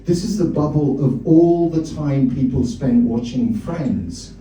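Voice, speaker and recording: A male stand-up comedian with a mellow, mid-range voice rambles and teases the audience in a comedy club. He is recorded from a distance, and the club sounds echoey.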